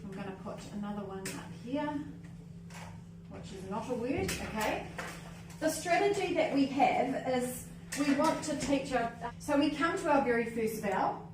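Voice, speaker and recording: A woman's voice: sits high, lively intonation, normal speed. A woman leading a hands-on teaching workshop as a literacy trainer, upbeat and often checking in with "okay?" and "cool?". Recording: echoey room, mic at a distance, faint noise.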